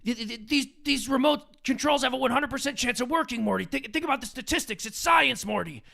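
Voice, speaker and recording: A man's voice: very high-pitched, fast talker, creaky, bright, forceful tone, voice pushed up, exaggerated voice. A man voicing a selfish old mad scientist who stutters and drawls dismissively. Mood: lecturing.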